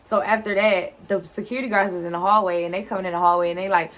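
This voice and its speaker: A woman's voice: medium pitch, fairly even intonation, quick pace, a bit bright. A woman, animatedly telling a casual storytime straight to her viewers. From Detroit, USA. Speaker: vlogger.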